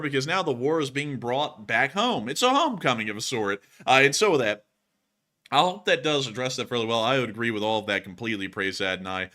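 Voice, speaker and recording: A male live-stream host speaks in a bright, forceful voice that he deliberately pushes up for excitement. His phrasing is emphatic and packed with repeated thank-yous to viewers. The voice is still recovering from recent vocal cord strain. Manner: raised on-air voice pushed higher for excitement. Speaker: livestream war news host. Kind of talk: live-stream chat answering viewer questions.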